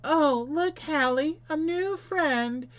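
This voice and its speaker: A man's voice: very high-pitched, slow, a bit bright, pitched above the performer's own voice, full character voice. A man putting on the voice of a creepy, unhinged young woman who talks to herself, swapping into a prim British lilt. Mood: creepy, shrill.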